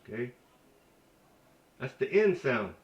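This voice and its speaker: A man's voice: very animated, slow. A man giving an informal language lesson in a folksy, chatty way, repeating sounds over and over to show how they are said. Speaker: language teacher. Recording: roomy, distant, dull low-fi sound.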